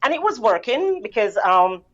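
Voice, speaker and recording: A woman's voice: on the high side, very animated, normal speed, lo-fi sound. A woman from the Caribbean, a bookkeeping business owner, telling her story in a casual interview, with many "you know"s and laughs.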